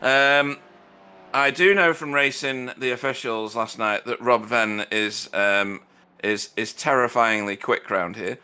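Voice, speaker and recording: A man's voice: mid-range voice, measured pace, bright, forceful tone, clear, resonant tone. A man doing live sim racing commentary, chatty, with dry self-deprecating humor.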